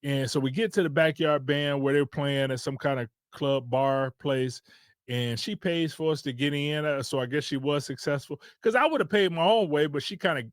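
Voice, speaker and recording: Casual male storyteller, slightly higher voice, dry close sound, loose rambling delivery. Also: moderate pace, dry recording. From Detroit. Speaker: podcast host.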